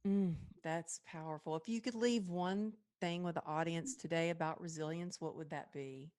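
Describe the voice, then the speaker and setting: Woman podcast host, lowish pitch, gushing, upbeat interviewer. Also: fairly even intonation, moderate pace. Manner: effusive, gushing praise with warm laughs. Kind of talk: casual interview chat.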